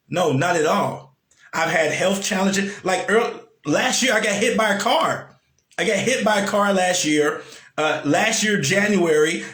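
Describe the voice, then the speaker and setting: A man's voice: high voice, fairly bright tone, roomy sound. A man giving a casual motivational talk, repeating lines for emphasis and asking his listeners questions. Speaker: motivational speaker.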